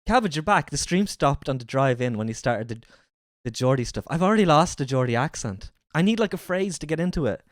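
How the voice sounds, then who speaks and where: A man's voice: a little high, lively intonation, brisk, no room sound. Male streamer, crude and profane reaction banter, strained voice, dry close-miked sound. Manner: crude, joking, swears a lot. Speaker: livestreamer.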